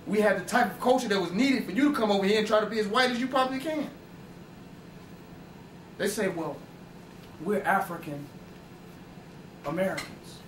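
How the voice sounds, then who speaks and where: A man's voice: high-pitched, far from the mic. A man with a slightly raised voice gives an emphatic, profane lecture and keeps checking in with rhetorical questions. He sounds set back from the mic, and his voice rings around a reverberant room with a faint hum behind it. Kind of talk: informal lecture. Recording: roomy echo, voice away from the mic.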